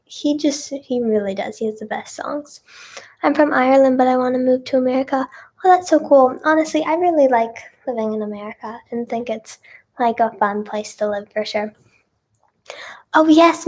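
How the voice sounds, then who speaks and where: Young female singer, casual livestream chat, gushy and effusive, slightly high-pitched, slips into whispers now and then. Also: a little mellow, husky. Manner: bubbly and gushing, with frequent "oh my gosh" and "like".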